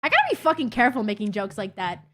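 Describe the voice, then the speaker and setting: High bouncy voice, streamer girl teasing chat and cussing a lot. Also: wildly swooping pitch, rapid-fire, fairly bright tone. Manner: playful, teasing, swears freely. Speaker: livestreamer chatting with viewers. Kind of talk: casual chat.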